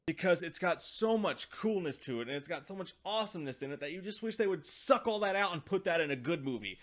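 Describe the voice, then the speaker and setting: Man, movie review vlogger, higher voice, profane, exasperated rant. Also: animated, fast talker, fairly bright tone. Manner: slips into mocking impressions of characters. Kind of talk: ranting movie review vlog.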